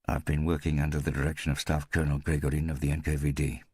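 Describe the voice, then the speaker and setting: A wary police captain under arrest answers his questioners in an insistent, defensive way, slightly raised and louder than the deep narration around him, as a man voices him in an audiobook. His voice is very low and dry. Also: little pitch movement, fast, husky, no echo.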